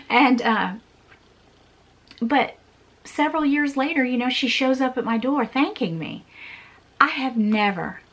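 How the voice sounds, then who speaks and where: A woman in her forties, a vlogger telling a personal story in an earnest, repetitive way with small laughs. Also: fairly high pitch.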